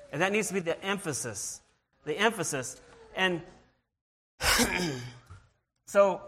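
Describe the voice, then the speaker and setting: A man giving an informal sermon, earnest and halting, often restarting and repeating his words as he searches for them, and reading scripture in a slower voice. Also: sits high, bright, forceful tone, breathy edge. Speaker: lay preacher.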